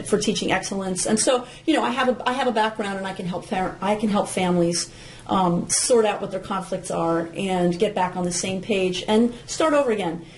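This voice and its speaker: A woman's voice: medium pitch, darkish tone, a little hiss or hum, poor audio. A woman parent coach speaking as a podcast guest, earnest and given to repeating her key points. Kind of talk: podcast interview.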